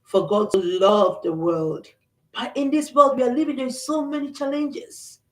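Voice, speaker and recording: A woman's voice: on the high side, unhurried, far from the mic. A middle-aged woman hosting a faith-based talk, speaking earnestly and reflectively, with frequent fillers and restarts. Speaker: host. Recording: echoey room, voice off-mic.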